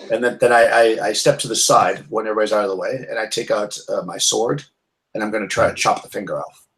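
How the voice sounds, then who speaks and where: A lower-voiced man taking his turn in a tabletop game. He gropes for words, restarting and stumbling as he plans his moves. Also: fairly even intonation, fast talker, fairly bright tone. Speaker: player. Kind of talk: casual tabletop play.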